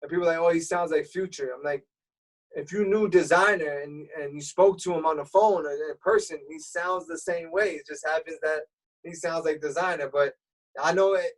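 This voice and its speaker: A man being interviewed as a radio DJ, explaining things in a relaxed, streetwise way. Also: on the high side, a little fast. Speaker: radio DJ guest. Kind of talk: casual interview chat. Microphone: remote call. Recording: voice a bit far from the mic.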